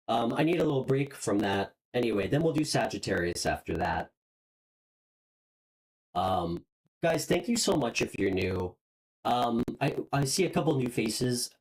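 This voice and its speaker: A woman hosts a live tarot reading, and her pitch swings widely from line to line. She speaks straight to her viewers, halting and repeating herself with plenty of ums. She sounds openly moved by what she reads. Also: expressive, rough recording. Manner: emotional, openly moved, hesitant with many fillers; speaks warmly and directly to viewers. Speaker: tarot reader.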